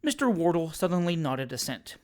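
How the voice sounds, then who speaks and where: Expressive audiobook narrator. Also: medium pitch, a little fast. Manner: expressive, dramatic storytelling. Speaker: audiobook reader. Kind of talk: scripted narration of a classic novel.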